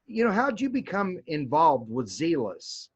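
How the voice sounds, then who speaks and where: A man's voice: fairly high pitch, wildly swooping pitch, unhurried, breathy edge. A man with a Southern American accent hosting an interview, rambling and folksy with lots of fillers. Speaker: host. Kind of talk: casual interview. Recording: dull lo-fi sound.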